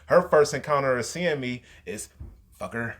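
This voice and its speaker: A man's voice: mid-range voice, lively intonation, moderate pace, a bit bright. A man, hosting a podcast and telling a story in casual, slangy, profane talk. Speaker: podcast host.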